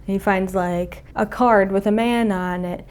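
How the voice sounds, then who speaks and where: A woman's voice: medium pitch, steady tone, a little slow, darkish tone, clear, resonant tone. A young woman casually retelling a cartoon plot in a rambling way full of fillers, chuckling now and then. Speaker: video creator.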